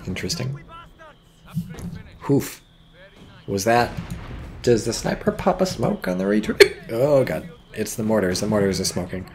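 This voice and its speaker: A man's voice: mid-range voice, big pitch swings, measured pace, gravelly, long pauses, a little mellow. A man casually commentating a strategy game match, with a dry, rambling manner and hiccups, reading viewer chat aloud. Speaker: game caster.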